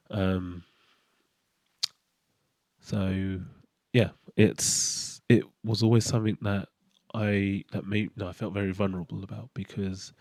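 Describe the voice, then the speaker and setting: A man hosting his own channel, talking through a candid personal monologue in a halting way, often restarting as he searches for words. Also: lowish voice, a little mellow, no room sound, clean studio sound. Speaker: channel host.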